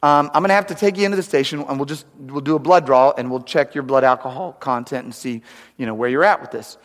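A man voicing a calm, reasoning police officer in a joke. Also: medium pitch, fast talker, long reverb tail, natural voice. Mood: patient. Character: patient male police officer.

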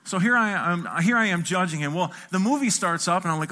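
A middle-aged pastor preaches a sermon in a high voice at a quick pace. He tells a funny story with animated energy, acting out what the people in it said by shifting his voice.

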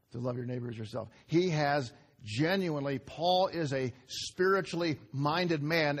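Male pastor, slightly higher voice, conversational sermon delivery with rhetorical questions and hushed asides. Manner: swings between raised emphasis and quiet low asides.

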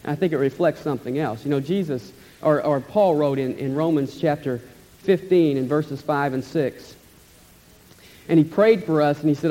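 A man preaching an expository sermon as pastor, emphatic and enthusiastic, repeating key phrases and letting phrase ends trail off softly. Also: on the high side, moderate pace. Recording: long hall reverb, dull lo-fi sound.

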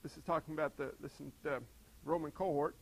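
A man preaching a sermon in an animated way, acting out voices and asking the congregation questions. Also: fairly high pitch, fairly quick, vocal fry, poor audio. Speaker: pastor.

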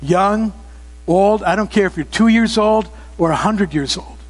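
High-voiced man preaching in an echoing hall. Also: moderate pace. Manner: emphatic, rising to loud exclamations. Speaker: pastor. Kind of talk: sermon. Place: church sanctuary. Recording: long reverb of a church hall.

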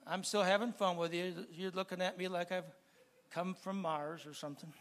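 A man preaches a sermon with a high, bright voice. He talks easily to the congregation, stacks phrase after phrase in a steady rhythm, and builds up to loud fervent preaching. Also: moderate pace. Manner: repetitive listing cadence.

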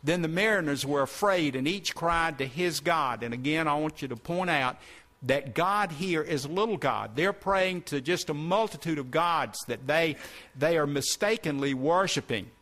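Man preacher, higher voice, reads scripture and breaks in with comments. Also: fairly bright tone. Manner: reads verses then breaks in to explain. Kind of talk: sermon reading scripture with commentary.

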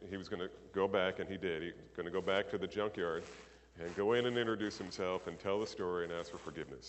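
Man telling a sermon story in a hall. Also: lowish voice. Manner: animated storytelling, acting out characters with raised voice. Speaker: preacher.

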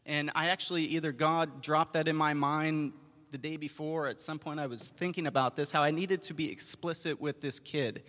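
Earnest guy, kinda high voice, sharing his story, echoey hall. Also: steady tone, normal speed, a bit bright. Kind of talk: casual testimony. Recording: long hall reverb.

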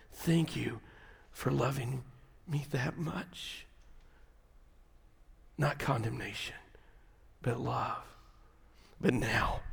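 A man preaching a Sunday sermon to his congregation, moving from hushed, near-whispered prayer to shouted climaxes. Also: medium pitch, creaky, slightly rough, rough recording. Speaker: pastor. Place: church sanctuary.

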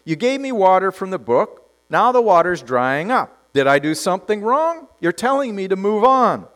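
Brief: questioning male prophet, put on by a preacher, pleading, lively pitch. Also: moderate pace. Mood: bewildered.

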